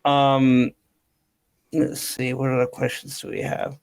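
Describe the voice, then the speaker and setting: A podcast host runs a casual interview. They sound curious and ask follow-up questions with a few hesitations. The voice stays at a middle pitch. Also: level tone, slow, vocal fry, a little mellow, smooth.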